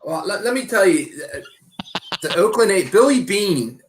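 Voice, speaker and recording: A man's voice: sits high, lively intonation, moderate pace, a little hiss or hum. A man co-hosting a casual sports podcast, rambling and repeating words as he thinks. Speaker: podcast co-host. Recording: roomy echoey mic.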